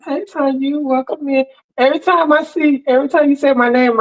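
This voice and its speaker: Her voice sits high with fairly even intonation and a slightly quick pace, captured in a low-quality recording. She's a woman hosting a casual sewing livestream on a headset mic, friendly and chatty as she greets viewers by name.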